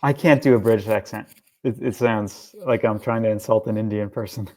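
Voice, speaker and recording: A man's voice: lowish voice, steady tone, brisk, a little mellow. A man co-hosting a casual car chat, easygoing and agreeable, often restarting his sentences. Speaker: podcast co-host.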